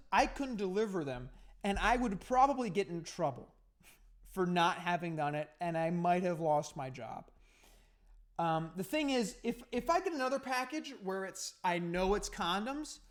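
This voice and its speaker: A man's voice: sits high, very animated, a little slow. Profane man telling a rambling story. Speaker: podcast host. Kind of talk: casual storytelling.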